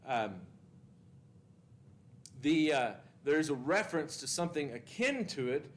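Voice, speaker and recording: A man's voice: fairly high pitch, lively intonation, measured pace, slight background noise. Man teaching a church Bible class. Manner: asks the class questions and reads scripture with emphasis.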